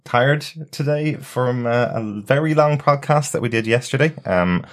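A man's voice: medium pitch, normal speed. A man hosting a TV podcast, chatting casually and laughing often. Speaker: podcast host.

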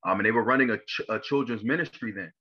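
A young man from Maryland speaks with a fairly low voice, halting often and restarting his sentences. The recording sounds a little dull and lo-fi, as if the top end is cut off. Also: breathy edge. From Maryland, USA. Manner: halting, full of fillers and repeated starts. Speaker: interview guest. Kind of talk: personal testimony interview.

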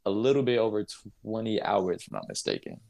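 A young man from North Carolina, a basketball player, telling a story as an interview guest in a casual, animated way, laughing and acting out the people in it. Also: fairly low pitch, quick pace, gravelly, muffled recording. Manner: animated, laughs while telling, acts out voices.

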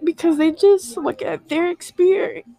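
A young woman student venting about her parents in a halting, hurt way, full of fillers, in an emotional confessional vlog. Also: very high voice, fairly even intonation, gravelly, warm tone, dry recording, rough recording.

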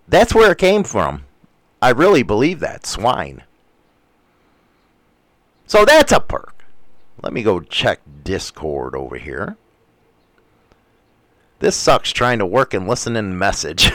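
Animated, profane man on a livestream. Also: on the low side, slow pace, pauses often, no room sound. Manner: profane, rambling, crude jokes. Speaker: livestream host reading chat. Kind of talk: casual crude livestream commentary.

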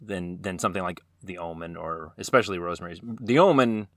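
A man's voice: sits low, brisk, a bit bright, no echo, clean studio sound. A man hosting a horror movie podcast, chatting casually with many fillers and restarts. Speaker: podcast host. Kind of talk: casual chat.

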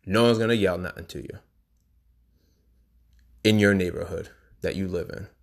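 A man's voice: sits low, moderate pace, vocal fry. A man hosting a podcast, talking in a casual, rambling, emphatic monologue. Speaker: podcast host.

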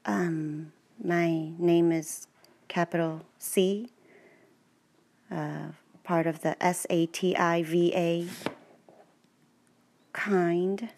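A woman voicing a plant questioned by a cop, answering hesitantly with ums, a bit lower and softer than her usual voice. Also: steady tone, very slow, long pauses, exaggerated voice.

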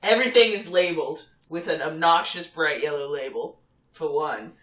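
A woman co-hosting a podcast, a teacher talking in casual, emphatic bursts and swearing freely. Her voice is bright and clear, and the room adds a noticeable echo. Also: low voice, moderate pace. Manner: emphatic, opinionated, swears, repeats words. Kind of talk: casual chat. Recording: roomy echo.

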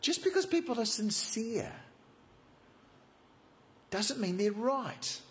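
A man's voice: high voice, sing-song, takes it slowly. A man preaching a sermon, retelling a Bible story with playful, conversational asides.

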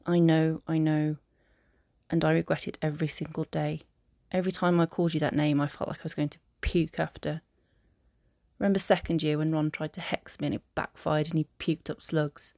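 Draco Malfoy, read by a woman, soft-spoken. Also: low-pitched, little pitch movement, no echo, studio quality. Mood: remorseful. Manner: soft, halting confession. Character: brooding young male aristocrat wizard, remorseful. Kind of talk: fan audiobook reading.

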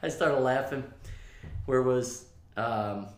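Male co-host, easygoing and chatty, mid-pitched voice, roomy echo. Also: slow. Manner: easygoing, agreeable, laughing often. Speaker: podcast co-host. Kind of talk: casual hockey podcast chat.

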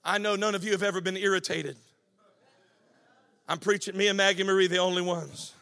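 Pastor, male, impassioned preacher; bright, ringing voice. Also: high-pitched, fairly even intonation, brisk, vocal fry. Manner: impassioned, rising to shouting and sing-song cadence. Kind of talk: sermon.

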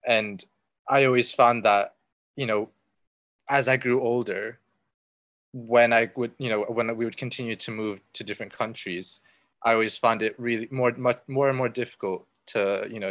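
A man's voice: fairly low pitch, fairly even intonation, normal speed, a bit bright, no room sound. A man chatting casually in a group, reflective and full of fillers.

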